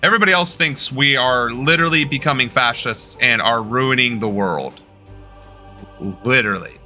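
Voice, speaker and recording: A man's voice: mid-range voice, normal speed, sharp tone, soft background music. A young man chatting casually with his live-stream audience while playing a game, loose and joking. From United States. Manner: loose, joking, talking to chat. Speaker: political streamer.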